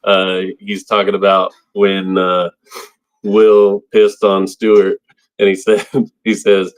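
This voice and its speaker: A low, monotone male voice speaks slowly. He co-hosts a casual movie podcast, rambling, laughing a lot, and reading out his favorite lines in easygoing chat.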